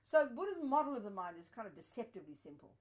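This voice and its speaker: A woman's voice: a little high, big pitch swings, fast talker, darkish tone, low-quality recording. A woman giving a Buddhist teaching to a study group, talking emphatically with many "you know"s. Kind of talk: dharma teaching talk.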